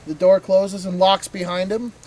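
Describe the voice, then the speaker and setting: A man at a campout telling a joke in a measured, deliberate way. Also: high-pitched, level tone, darkish tone, low-quality recording. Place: outdoors at a campsite.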